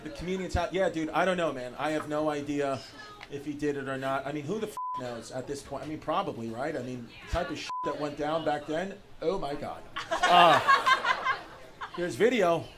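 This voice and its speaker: On a club stage, a young comedian riffs with the crowd in a loose, profane way, laughing as he goes. He speaks at a moderate pace in an expressive voice on the high side, and the live recording is noisy.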